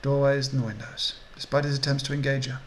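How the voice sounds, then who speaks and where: A man's voice: medium pitch, steady tone, fast, a little hiss or hum, rough recording. A man hosting a game playthrough, reading the story text aloud with casual asides. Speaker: let's play host and reader.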